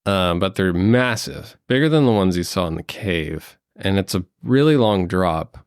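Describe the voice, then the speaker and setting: A man's voice: sits low, animated, moderate pace, smooth, no echo, studio quality. A man narrating as game master of a tabletop game, hesitant with many ums and uhs. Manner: hesitant, fills with um and uh.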